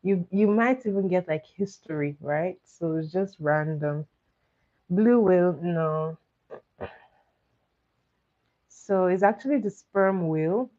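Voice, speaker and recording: Woman, trivia host, coaxing, repeats questions, fairly low voice, dull lo-fi sound. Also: measured pace, dark tone. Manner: coaxing, reads questions out to chat and repeats them. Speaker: livestream host running trivia. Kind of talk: casual live trivia chat. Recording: dull lo-fi stream audio.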